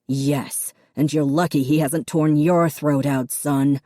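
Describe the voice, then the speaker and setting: A stern, wealthy father who snaps out short, dismissive lines, as a woman narrator reads him. The voice sits low and dark, and the recording is dry and close. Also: fairly even intonation, slow, dry recording. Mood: harsh. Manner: curt, snapping, dismissive. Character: harsh stern wealthy father, middle-aged man. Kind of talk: audiobook character reading.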